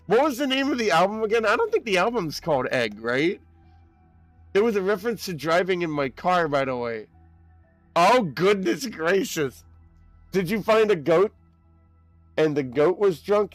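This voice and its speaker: An excitable young man chats to his stream audience in a rambling, lively way, his pitch bouncing up and down. His voice sits a little high for a man. The mic is close and dry, with faint music underneath. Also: no room sound. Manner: excitable, rambling, quick laughs. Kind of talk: casual live-stream chat while gaming.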